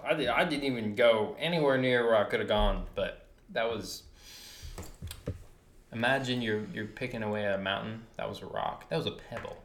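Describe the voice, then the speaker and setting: An American man co-hosts a casual podcast, ranting in a passionate, emphatic way. His voice is on the low side and a bit bright, at a moderate pace, with slight background noise and a roomy echo.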